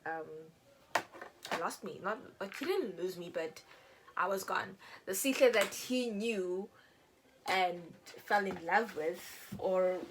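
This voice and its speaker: A young woman casually telling a personal story while doing her makeup, chatty and animated, acting out what people said. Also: on the low side, noisy background. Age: young adult. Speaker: beauty vlogger.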